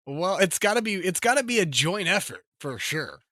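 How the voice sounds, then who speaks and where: A man co-hosting a podcast in casual chat, animated and jokey, often laughing. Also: sits high, moderate pace, no room sound, clean studio sound. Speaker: podcast co-host.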